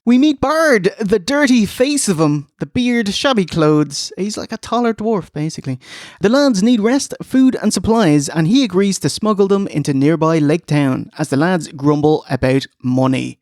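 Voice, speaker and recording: High, lively joking podcast host. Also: male voice, moderate pace, hardly any pauses, no room sound, clean studio sound. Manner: joking, puts on silly voices mid-recap. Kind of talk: casual comedic film review chat.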